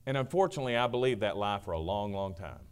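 Preacher with big swings in volume. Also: male voice, lively intonation, fast talker, clear, resonant tone. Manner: swings from booming to hushed, acts out quotes. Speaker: pastor. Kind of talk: sermon.

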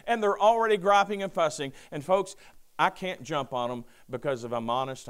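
A man preaching a sermon, reading scripture aloud with lively asides and a touch of sarcasm. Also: high voice, a little fast, clear, resonant tone. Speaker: pastor.

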